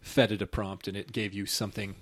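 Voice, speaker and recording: A man hosting a podcast, chatting casually, opinionated and quick to laugh. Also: fairly low pitch, level tone, no room sound. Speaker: podcast host. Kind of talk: casual chat.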